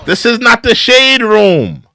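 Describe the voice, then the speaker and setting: Lively high-voiced male commentator. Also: slow, gravelly. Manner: animated, critical, repeats phrases. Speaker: commentary show host. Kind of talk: opinionated commentary on clips.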